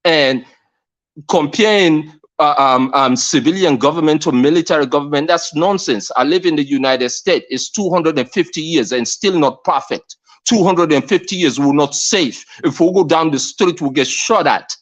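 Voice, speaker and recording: With a slightly high voice and a Sierra Leonean accent, a man from Sierra Leone phones into a live discussion. He argues earnestly and emphatically, often repeating phrases and pausing on fillers.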